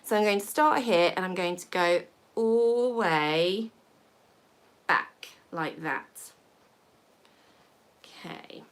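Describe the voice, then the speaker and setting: A woman's voice: fairly low pitch, animated, takes it slowly, long pauses. A woman, hosting a live hair tutorial and chatting with viewers as she works. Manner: chatty, warm asides to viewers while working. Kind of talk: live-stream hairstyling tutorial chat.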